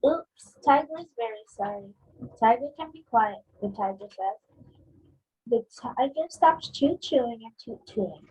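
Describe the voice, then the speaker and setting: Breathy woman reading a picture book aloud. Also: a little high, measured pace, low-quality recording. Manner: expressive, acting out sound effects. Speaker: book club reader.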